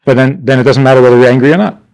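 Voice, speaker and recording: A man's voice: medium pitch, racing, a little mellow. A man teaching a class, asking rhetorical questions and answering them himself with wry, mock-indignant asides. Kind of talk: class lecture.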